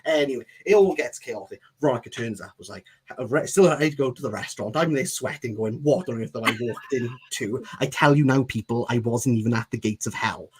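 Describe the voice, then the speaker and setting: A man's voice: medium pitch, fairly quick, slight background noise. A man on a podcast, telling a rambling comic story and acting out the people in it. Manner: animated, rambling, acts out quoted voices. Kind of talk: casual chat, comic storytelling.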